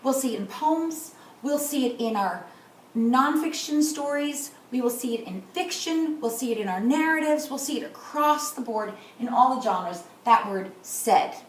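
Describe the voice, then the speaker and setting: Patient kindergarten teacher in an echoey room. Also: female voice, high-pitched, expressive, slight background noise. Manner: slow, deliberate modeling of words and sounds. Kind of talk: teaching a class. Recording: echoey room, far from the mic.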